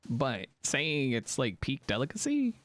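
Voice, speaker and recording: A man with a mid-range voice speaks at a measured pace, with no room sound, as he chats casually on a live stream. He's animated and jokey, reacting to comments from viewers.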